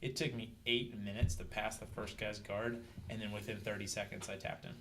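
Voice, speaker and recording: A man on a podcast, casually telling animated stories about his jiu-jitsu matches. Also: on the low side, brisk, background noise. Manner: animated storyteller, shouts out quoted coaches. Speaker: podcast guest, jiu-jitsu brown belt.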